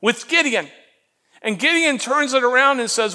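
A man preaching a sermon as pastor, animated and acting out the voices he quotes, often repeating words as he goes. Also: very high voice, normal speed.

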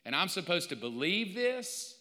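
A male pastor preaches a sermon in a hall with a long echo. His voice is bright and forceful, set a little high. He tells stories with animated, playful mock quotes. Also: normal speed.

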